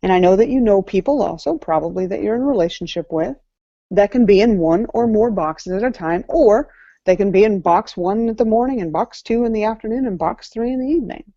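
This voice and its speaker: A woman life coach delivers a motivational talk at an event with a mellow, warm tone. She is earnest and repeats key lines for weight. The sound is dry and a little muffled. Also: medium pitch, a little fast, no room sound. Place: event venue before an audience. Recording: slightly muffled, dry recording.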